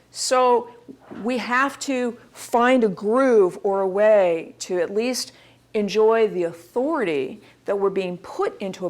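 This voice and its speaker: A woman in her forties giving a recorded course lecture, lively and demonstrative. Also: a little high. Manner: lively, demonstrative, acts out examples in varied voices. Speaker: instructor.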